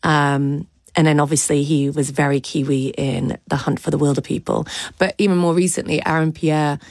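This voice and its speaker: Low-voiced, candid woman critic. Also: steady tone, moderate pace, a little mellow, no echo. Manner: candid and opinionated, with fillers and light laughs. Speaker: critic and cultural commentator. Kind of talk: studio discussion. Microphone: dry studio mic.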